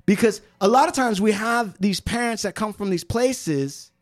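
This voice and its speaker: A man with a high-pitched voice hosts a casual podcast. He is from the United States and chimes in with brief reactions, then settles into long explanations. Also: normal speed. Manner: interjects, then lectures at length. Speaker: podcast host. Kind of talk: casual chat.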